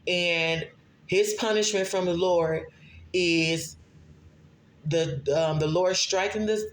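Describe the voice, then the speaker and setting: A man delivering a prophetic sermon, reading scripture slowly and pausing often to ask "okay?". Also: fairly high pitch, slight background noise. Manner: frequent checking "okay?" asides, slow deliberate scripture reading. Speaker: self-described prophet and messenger.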